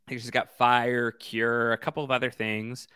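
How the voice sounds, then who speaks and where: Bright, crisp man chatting casually. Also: mid-range voice, level tone, no echo, clean studio sound. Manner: halting, many fillers and restarts. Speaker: podcast co-host. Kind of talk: casual chat about a video game.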